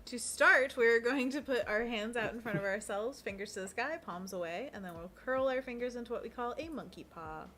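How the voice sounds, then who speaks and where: A woman's voice: a little high, fairly quick, hardly any pauses, fairly bright tone, slight background noise. A woman co-hosting a casual livestream, guiding viewers through hand stretches and reading chat with a giggly, playful manner. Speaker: co-host of an art livestream.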